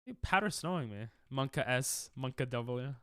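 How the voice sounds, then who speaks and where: A man's voice: medium pitch, expressive, moderate pace, pushed and bright, clean tone, no echo, clean studio sound. Coughing, sick young man streaming a game. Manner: casual, jokey, reads and answers chat. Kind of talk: live-stream gaming chat.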